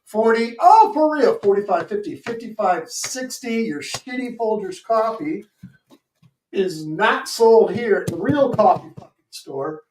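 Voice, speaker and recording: A man's voice: high voice, animated, unhurried, a little mellow. A man co-hosting a stream, crudely reading out comments and counting tallies. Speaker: stream co-host. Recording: roomy, distant mic with faint noise.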